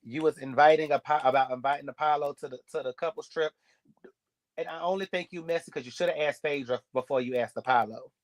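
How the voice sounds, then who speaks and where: A man's voice: on the high side, fast. A man giving a sassy, blunt, gossipy recap of a reality show episode. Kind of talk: casual recap commentary.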